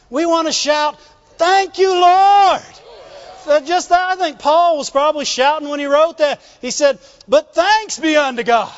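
A man preaching a sermon in a church, emphatic and often shouting, calling out to the congregation for responses. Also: sits high. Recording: dull sound with long reverb in a large room.

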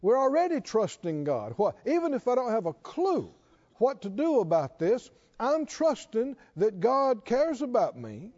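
A man's voice: very high-pitched, wildly swooping pitch, measured pace, a little mellow, dull audio. A man preaching a sermon to a responding congregation, repeating questions and building to emphatic calls.

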